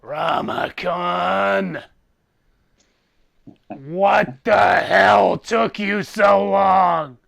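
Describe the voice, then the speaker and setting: A man's voice: high-pitched, drawn-out words, vocal fry, long pauses, a bit bright, exaggerated voice. A man voicing an ancient, powerful male sorcerer who is sardonic and commanding, bellowing his words over an online voice call. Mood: gruff relief. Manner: bellowing, mocking.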